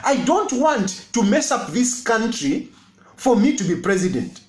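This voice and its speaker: A man's voice: high voice, sing-song, unhurried, echoey room. A Zambian man, an opposition party leader giving a political address, emphatic and repeating his phrases with rhetorical questions.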